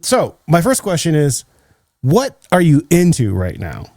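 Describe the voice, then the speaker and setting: A man's voice: a little high, wildly swooping pitch, measured pace, a little mellow, no echo, clean studio sound. An American man hosting a podcast, talking casually and chattily with lots of filler words. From United States. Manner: chatty, lots of "like" and "you know". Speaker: podcast host. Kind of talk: casual interview chat.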